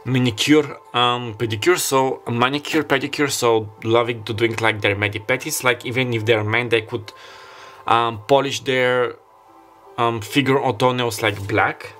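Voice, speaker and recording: A man's voice: mid-range voice, fairly even intonation, a little slow, fairly bright tone, faint music behind. A man who does not speak English as his first language, giving a rambling, hesitant tarot reading and often searching aloud for words. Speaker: tarot reader. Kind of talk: casual tarot reading monologue.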